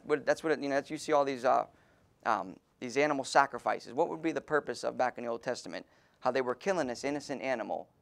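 A man pastor preaching a sermon in an informal, folksy way, with many fillers and restarts, and reading scripture aloud slowly and with emphasis. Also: mid-range voice, vocal fry. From Pennsylvania, USA.

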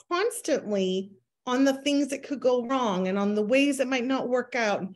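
A woman's voice: sits high, lively intonation, normal speed. A woman in her thirties giving a motivational talk to her sales team, acting out inner voices in quoted asides. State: pregnant, near her due date. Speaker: network marketing team leader.

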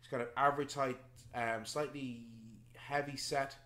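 A man's voice: medium pitch, steady tone, normal speed, fairly bright tone. Man, game master, tabletop narration, frequent ums, echoey room. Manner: hesitant, many ums while describing scenes.

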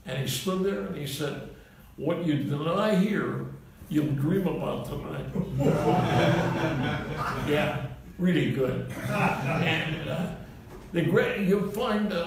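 A man in his eighties, a comedian, telling a rambling string of anecdotes to a live audience and chuckling at his own punchlines. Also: on the high side. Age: 80s. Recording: roomy, distant mic, faint hiss.

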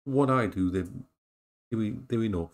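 In a casual home chat captured on a tablet action cam, a middle-aged vlogger rambles and plays around, cooing at his dogs. His voice is lowish and his delivery unhurried.

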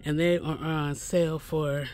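A man's voice: on the high side, flat delivery, unhurried, a little mellow, faint music behind. A man giving a casual shopping walkthrough inside a pharmacy store, chatty and correcting himself as he repeats the prices. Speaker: shopping vlogger.

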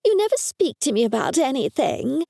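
A woman's voice: sits high, very animated, moderate pace, gravelly, dark tone, dry recording, studio quality, voice pushed up, exaggerated voice. A woman voicing a fussy, superstitious older mother who scolds her daughter in a raised, insistent voice. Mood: scolding.

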